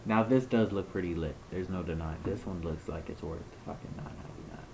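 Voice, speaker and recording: A young adult video creator reacts to something on screen, ranting in disbelief with heavy slang and casual swearing throughout. The voice is deep and a little fast, with background noise behind it.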